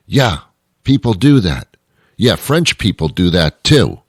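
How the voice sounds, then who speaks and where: A man's voice: sits low, very animated, slow, husky, dry recording, clean studio sound. A man hosting his own show, delivering a rambling comic monologue full of wry asides and self-interruptions. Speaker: show host. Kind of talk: comedic monologue.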